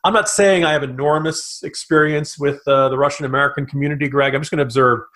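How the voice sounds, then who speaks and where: A man co-hosting a political podcast, chatting animatedly in quick bursts with asides. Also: on the high side, steady tone, a bit bright. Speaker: podcast co-host. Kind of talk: political commentary chat.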